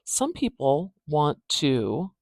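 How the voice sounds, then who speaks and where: Woman teaching phonetics, slow and unhurried, with a dry close-up sound and patient, demonstrative repetition. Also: low voice, very animated, creaky, no room sound. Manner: patient, repeats words slowly to demonstrate sounds. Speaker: pronunciation teacher. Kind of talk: phonetics tutorial, transcribing words aloud.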